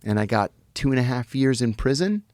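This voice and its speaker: An American man, a guest on a podcast, telling his story in an animated way and acting out the people he quotes. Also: medium pitch, brisk, dry recording. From United States.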